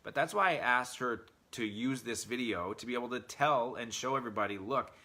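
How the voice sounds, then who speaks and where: A man's voice: medium pitch, fairly quick, pushed and bright. A man who trains dogs, talking earnestly in a casual podcast monologue and often repeating himself as he addresses his listeners directly. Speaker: dog trainer.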